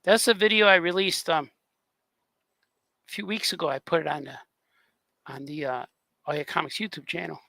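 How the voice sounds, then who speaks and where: A man with a gravelly edge and a slightly raised pitch, talking casually on a livestream. He rambles from story to story and laughs a lot, and the sound is close and dry with no room around it. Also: moderate pace, pauses often, pushed and bright, no room sound. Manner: rambling, laughs often, drops into grunting impressions. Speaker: cartoonist co-hosting a livestream chat. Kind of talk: casual chat.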